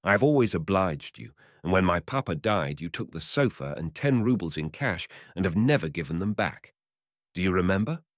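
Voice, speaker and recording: Brief: male reader doing a timid young barber in a storybook, tearful and pleading, high cries over a low base voice. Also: expressive, moderate pace, dry recording, clean studio sound.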